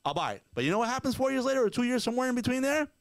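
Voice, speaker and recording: A man's voice: very high voice, very animated, very fast. A man co-hosting a podcast, ranting emphatically and with profanity, acting out mock quotes as he goes. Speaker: podcast co-host. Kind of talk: casual ranting commentary.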